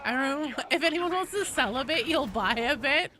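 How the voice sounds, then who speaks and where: A young woman with a bright, forward, nasal voice, chatting casually with her stream audience. Her pitch swings widely as she reads chat and reacts between rounds. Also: expressive, normal speed.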